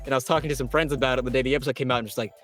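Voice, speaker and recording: A man, a voice actor, telling his stories as a guest in an interview, excitable and quoting himself with big jumps in pitch. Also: rapid-fire, soft background music. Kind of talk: animated storytelling in an interview.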